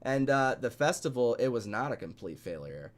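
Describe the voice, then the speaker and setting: A man's voice: mid-range voice, big pitch swings, moderate pace. A man in a casual podcast chat, talking bluntly and rambling with plenty of swearing.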